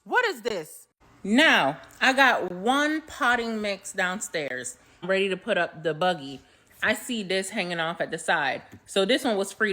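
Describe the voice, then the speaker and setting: A woman telling a story in a casual vlog at home, animated and comic, swearing freely. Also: mid-range voice.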